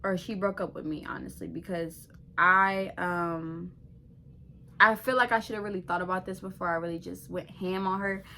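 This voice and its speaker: Young female vlogger, crisp bright tone, slightly low pitch, chatty and slangy storytelling. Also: normal speed, a little hiss or hum. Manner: animated, slangy, swears freely. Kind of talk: casual storytelling to camera.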